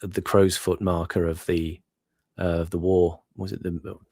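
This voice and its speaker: A man's voice: deep voice, little pitch movement, measured pace, darkish tone, husky, dry recording. A man talking as a guest in a casual chat, musing and meandering with many asides. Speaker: guest commentator.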